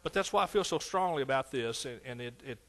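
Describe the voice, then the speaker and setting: A man's voice: mid-range voice, animated, quick pace, a bit bright. A man in his sixties with an East Texas accent, preaching a sermon with fervent exclamations and folksy storytelling. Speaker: pastor.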